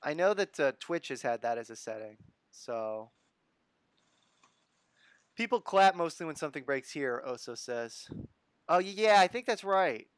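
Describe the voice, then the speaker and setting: A man's voice: a little high, expressive, unhurried, pauses often, clean tone. A man from the United States hosting a live stream, chatting casually, chuckling and reading viewer comments aloud. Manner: laid-back, chuckling, reads chat comments aloud.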